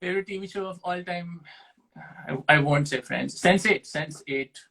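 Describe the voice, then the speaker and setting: Bright-voiced young man answering quick questions. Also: sits high, vocal fry, rough recording. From Pakistan. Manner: self-deprecating, thinks aloud with restarts. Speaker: guest. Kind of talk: casual rapid-fire Q&A.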